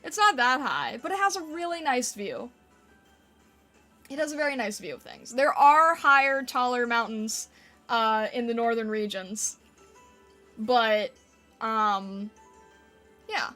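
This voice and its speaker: Giggly high-voiced woman streamer. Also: lively intonation, slow pace, pauses often, bright, forceful tone. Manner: playful, giggly, reacting to chat. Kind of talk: casual live-stream chat with viewers. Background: faint background music.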